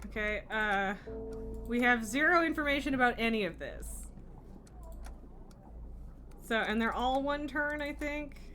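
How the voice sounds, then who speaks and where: A woman's voice: on the high side, expressive, measured pace, long pauses, pushed and bright, soft background music. A woman streaming live, chatting casually and cooing in baby talk at her pet between laughs.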